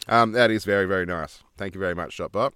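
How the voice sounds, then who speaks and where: A joking, blunt man co-hosting a casual podcast, swearing freely in easy banter. His voice is very low and is recorded close and dry. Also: fast, fairly bright tone, clear, resonant tone, no echo. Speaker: podcast co-host. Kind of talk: casual chat.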